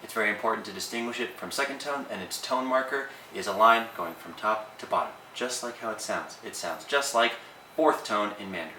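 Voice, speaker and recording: A man teaching language tones in a casual, relaxed lesson, with plenty of ums and uhs. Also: lowish voice, brisk, roomy sound, distant mic, a little hiss or hum, rough recording.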